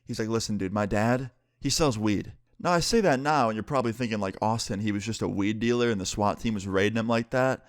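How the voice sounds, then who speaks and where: A man's voice: fairly low pitch, fast, hardly any pauses, no room sound, clean studio sound. A young man from New York state telling a personal story casually, acting out quoted dialogue and leaning on "like" a lot. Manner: animated retelling with lots of "like" and quoted dialogue.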